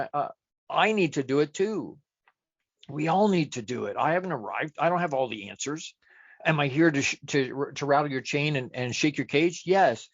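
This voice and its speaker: A man's voice: on the high side, no echo. Dull lo-fi recording of a chatty male coach. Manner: asks rhetorical questions and answers them himself; chatty and self-deprecating. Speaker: life coach. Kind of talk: motivational talk.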